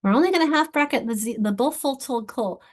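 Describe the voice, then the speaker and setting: A woman literacy instructor leading an online workshop for teachers, encouraging and sounding out syllables slowly. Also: high voice, lively intonation.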